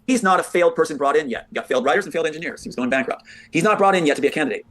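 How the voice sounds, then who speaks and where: A man telling a long theory in quick conversational bursts, repeating short punchy phrases to drive each point home. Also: a little high, lively intonation, fairly bright tone. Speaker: guest explaining a theory. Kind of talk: rapid conversational storytelling.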